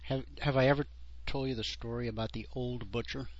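A man hosting a radio talk show, telling a story in an animated way. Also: medium pitch, fairly quick, a little hiss or hum. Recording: dull lo-fi radio sound.

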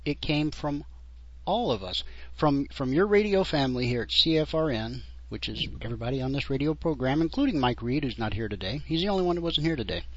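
A man hosting a radio talk show, telling a story in an animated way. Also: mid-range voice, brisk. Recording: dull lo-fi radio sound.

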